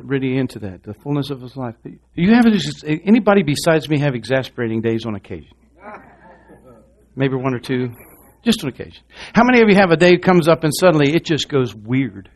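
A middle-aged pastor preaches a sermon in church, putting questions to the congregation. He shifts between loud, rousing lines and quiet, low ones.

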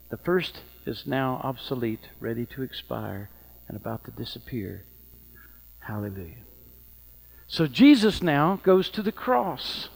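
A man's voice: mid-range voice, vocal fry, darkish tone, poor audio. A middle-aged man preaching a sermon, telling stories with rising fervor. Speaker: pastor.

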